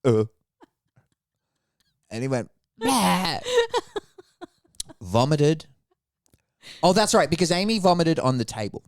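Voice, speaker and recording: Lively man telling stories. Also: a little high, normal speed, long pauses, no echo, clean studio sound. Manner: animated, crude jokes, acts out voices. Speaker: podcast co-host. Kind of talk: casual chat, comic storytelling.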